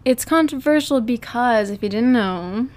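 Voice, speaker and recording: A woman's voice: a little high, animated, a little mellow, a little hiss or hum. A woman co-hosting a podcast in casual, giggly chat, laughing often between thoughts. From United States. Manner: giggly, chatty, drawn-out delivery. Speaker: podcast co-host.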